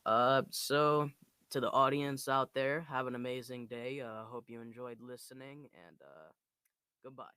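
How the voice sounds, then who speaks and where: A young man hosting a casual podcast interview, speaking politely with halting pauses. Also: mid-range voice, little pitch movement, pushed and bright, clear, resonant tone, no echo. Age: young adult. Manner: halting, polite, filler-heavy. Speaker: podcast host.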